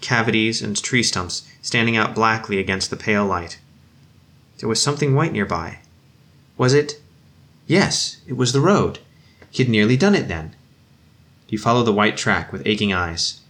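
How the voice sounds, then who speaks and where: Solemn low-voiced male narrator. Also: normal speed, long pauses, fairly bright tone. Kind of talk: audiobook reading.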